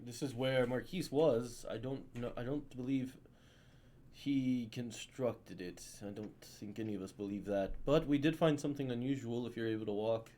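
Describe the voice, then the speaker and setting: A man playing in a tabletop game, speaking slowly and haltingly, sometimes in character. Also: mid-range voice, warm tone, slight background noise. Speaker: player. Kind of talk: casual tabletop play.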